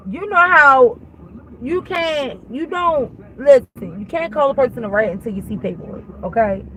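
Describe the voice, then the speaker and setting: A woman's voice: high-pitched, expressive, normal speed, a bit bright, poor audio. A woman telling a heated, profane storytime rant while in her car, repeating herself. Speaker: vlogger. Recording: car noise behind voice.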